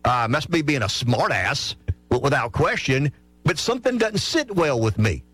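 Man, Southern accent, middle-aged, talk radio host, folksy and frank, lively pitch, dry close mic. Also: moderate pace, no echo, soft background music. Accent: Southern American. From South Carolina. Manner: folksy, frank, with frequent restarts. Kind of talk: opinionated call-in radio monologue. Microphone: studio microphone.

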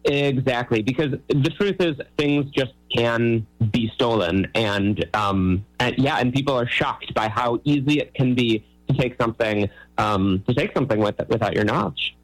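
A man's voice: medium pitch, moderate pace, few pauses, poor audio. A man, a magician guest on a radio show, explaining things in an easygoing, playful way. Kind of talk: radio interview.

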